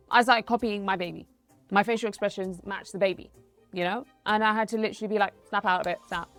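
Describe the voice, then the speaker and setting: A woman doctor in her thirties hosts an educational talk at a mid-range pitch. She explains in an easy, conversational way and works in personal stories. Faint music plays behind her. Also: gravelly. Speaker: doctor and host.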